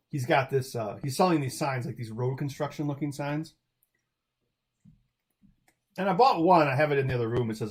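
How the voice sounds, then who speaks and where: A man hosting a livestream in casual chat, rambling with frequent restarts and chuckles, speaking into a desk mic. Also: fairly high pitch. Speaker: livestream host.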